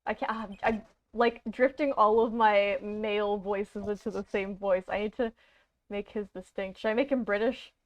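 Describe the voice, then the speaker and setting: A woman's voice: mid-range voice, steady tone, normal speed. A Canadian woman chatting through a game stream, rambling and poking fun at herself. Her voice sits in a plain middle range. The recording is dull and lo-fi. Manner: rambling, self-deprecating, many fillers. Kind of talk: casual let's-play chat.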